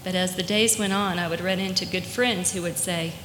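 A woman telling a personal story as a testimony, heartfelt and earnest, often pausing with fillers. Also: on the low side, steady tone, fairly bright tone, slight background noise. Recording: echoey hall, faint ambience.

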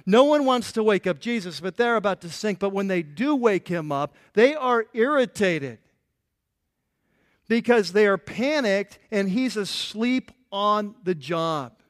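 A man preaching a sermon as a pastor, animated and playful, acting out the voices in the stories he tells. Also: sits high, unhurried. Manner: animated, playful, acts out quotes.

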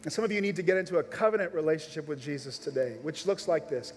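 A man's voice: fairly high pitch, expressive, quick pace, few pauses. A man preaching a sermon at a live church service, making earnest, urgent appeals straight to his listeners. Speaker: pastor. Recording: long reverb of a large church hall.

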